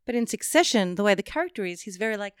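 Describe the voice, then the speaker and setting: Smooth-voiced woman co-hosting a podcast. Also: medium pitch, very fast, dry recording, studio quality. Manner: blunt, animated, swears freely. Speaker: podcast co-host. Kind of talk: casual film review chat.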